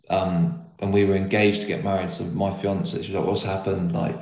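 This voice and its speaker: A man's voice: deep voice, level tone, moderate pace, few pauses, darkish tone. A young man telling the story of his faith as an interview guest, earnest and rambling, with lots of "like" fillers. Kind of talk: casual conversational testimony. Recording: roomy echo.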